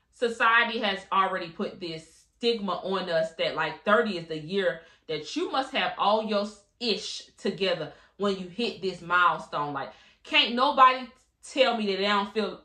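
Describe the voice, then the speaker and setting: A woman in her late twenties hosts a solo podcast, chatting casually in a slangy, candid manner. Her medium-pitched voice sounds pushed and bright, and the recording has a roomy quality.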